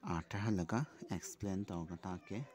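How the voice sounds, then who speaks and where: A man's voice: low voice, a little fast, darkish tone. A man with a Manipuri accent teaching a lesson. He reads a children's poem aloud, then explains it in a mix of English and Manipuri. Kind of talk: classroom lesson video.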